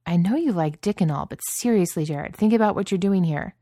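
A woman's voice: lowish voice, brisk, warm tone, dry recording, studio quality, pitched above the performer's own voice, close to an everyday voice. A woman voicing an agitated, blunt young man in a storybook reading, speaking up in a raised, exasperated voice.

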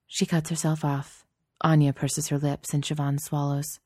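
Low mellow-voiced woman reading a story aloud, steady and soft, dry sound. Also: normal speed, dry recording. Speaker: narrator. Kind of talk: audiobook narration.

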